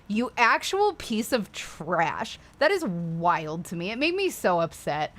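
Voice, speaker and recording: A woman hosting a casual livestream, talking straight to her viewers. Her pitch jumps up and down a lot as she rants, swears freely and keeps breaking off to apologize. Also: big pitch swings, slow, few pauses, a bit bright. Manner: profane, ranting, apologetic asides. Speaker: livestream host.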